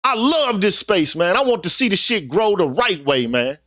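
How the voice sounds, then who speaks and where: A man's voice: high voice, animated, moderate pace, a bit bright, no echo, studio quality. A middle-aged man giving an earnest, preachy, profane monologue to his viewers, ending his sentences with "man.". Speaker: YouTube vlogger. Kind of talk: impassioned casual monologue.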